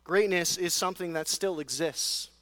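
A man's voice: high-pitched, normal speed, fairly bright tone. A male pastor preaching a sermon, earnest, posing rhetorical questions to the congregation and reading scripture, with the odd dry sarcastic aside. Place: church sanctuary. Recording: long reverb of a large hall.

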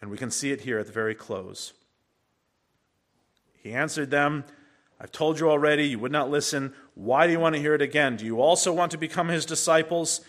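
Animated male preacher, high voice. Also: brisk. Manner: animated, acts out voices of the text. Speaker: pastor. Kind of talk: expository sermon.

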